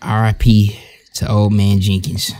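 A man's voice: on the low side, flat delivery, measured pace. A young man giving jumpy, joking commentary while playing a video game and talking to himself. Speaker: gamer. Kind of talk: let's-play commentary. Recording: game music underneath.

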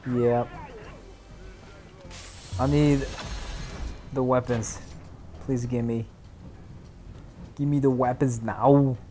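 A young man giving excitable, chatty commentary while streaming a shooter game, dropping to mumbles and then bursting out loud. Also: mid-range voice, drawn-out words, pauses often, faint music behind. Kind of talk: live gameplay commentary.

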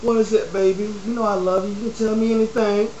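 A man's voice: high voice, level tone, fast talker, darkish tone, muffled recording, a little hiss or hum, natural voice. A man voicing a stunned young boyfriend on a talk show, pleading in disbelief. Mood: tender. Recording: roomy echo.

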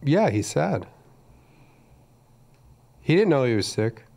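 A man's voice: medium pitch, sing-song, slow pace, creaky, dark tone. A man co-hosting a podcast in casual, offhand, joking chat. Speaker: podcast co-host.

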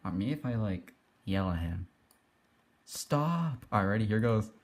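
A young man giving excitable, giggly play-by-play commentary as he teases other players in an online game. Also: fairly low pitch, fairly quick. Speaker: gaming YouTuber. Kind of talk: casual Let's Play commentary.

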